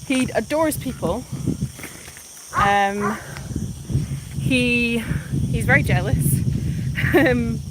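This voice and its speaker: A woman hosting a live stream from a rural animal sanctuary, chatting casually, laughing often and breaking off to talk to the animals while she walks with her phone. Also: medium pitch. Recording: loud outdoor wind noise. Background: wind and animals.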